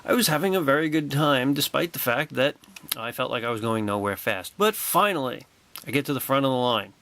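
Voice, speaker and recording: A man vlogging a personal anecdote with excitable, wry storytelling and a sarcastic edge. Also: medium pitch, a little fast, no echo.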